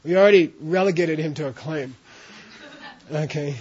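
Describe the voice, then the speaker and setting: A man teaches a class and frequently checks in with his students while explaining, captured in a dull, lo-fi classroom recording. His voice is a little high and darkish with a breathy edge, delivered at a normal speed.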